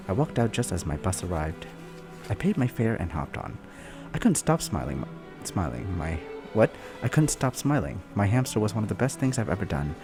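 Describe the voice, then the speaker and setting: A man doing a comic read-through of fan fiction, animated and often breaking off to laugh and comment. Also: lowish voice. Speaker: YouTuber reading fan fiction. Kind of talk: comic reading with live reactions.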